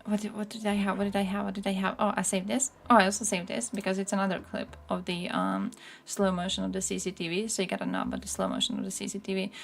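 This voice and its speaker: A woman's voice: mid-range voice, animated, quick pace, creaky, hardly any pauses, a little hiss or hum. Angry, swearing woman streamer. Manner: angry, profane, laughing asides. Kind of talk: casual live-stream commentary.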